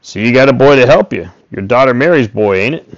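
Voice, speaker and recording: A man's voice: mid-range voice, lively intonation, fast talker, dry recording, voice pushed up, natural voice. A man voicing a talkative old male farmer and horse trader who coaxes in a folksy rural drawl. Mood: hollering sociably. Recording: dull, dry recording.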